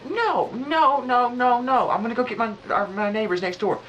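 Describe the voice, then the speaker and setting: A man putting on the high, frantic voice of his panicky young male roommate, repeating his denials. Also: moderate pace, a bit bright, muffled recording, slight background noise. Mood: panicked.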